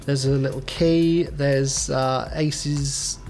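A man's voice: medium pitch, fairly even intonation, slow pace, a little mellow, soft background music. A man co-hosting a podcast in casual chat, enthusiastic and gushing. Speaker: podcast co-host.

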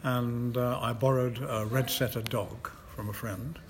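A man's voice: mid-range voice, fairly even intonation, unhurried. An older Scottish man, an actor being interviewed, telling stories with self-deprecating chuckles. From Scotland. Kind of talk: casual interview chat. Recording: noisy ambient background.

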